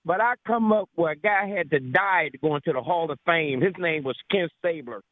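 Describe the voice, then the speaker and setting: An older man calling a sports show, opinionated and full of stories. His fairly high voice sounds thin and tinny over the phone line, with a dry sound. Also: fairly quick, dry recording. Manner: opinionated, storytelling. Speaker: caller. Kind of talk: call-in sports chat.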